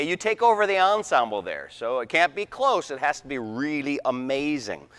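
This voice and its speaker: A man's voice: on the high side, very animated, a little fast, few pauses, a bit bright, faint music behind. A man conducting a wind band rehearsal, counting off and singing rhythms aloud. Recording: echoey hall.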